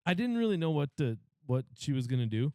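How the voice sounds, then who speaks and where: A man's voice: a little high, big pitch swings, fast talker, darkish tone, clear, resonant tone, no echo. A middle-aged man co-hosting a podcast, in casual chat, telling funny anecdotes and laughing often. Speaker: podcast co-host.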